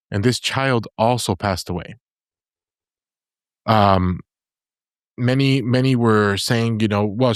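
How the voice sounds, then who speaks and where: A man's voice: on the low side, smooth, dry recording, studio quality. A man on a casual podcast, laying out a story in an easygoing, rambling way. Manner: easygoing, rambling with fillers and restarts. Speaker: podcast presenter.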